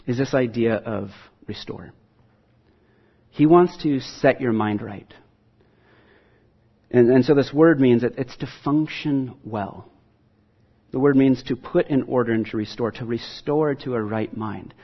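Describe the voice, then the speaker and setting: A man's voice: mid-range voice, unhurried, pauses often, slightly rough, highs cut off. A man preaching a sermon to his congregation, earnest and conversational, with self-deprecating asides. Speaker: pastor.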